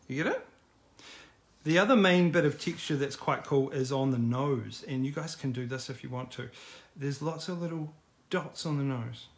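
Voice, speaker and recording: A man's voice: a little high, creaky. A middle-aged man teaching a live online drawing class in a casual, encouraging, chatty way. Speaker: art teacher.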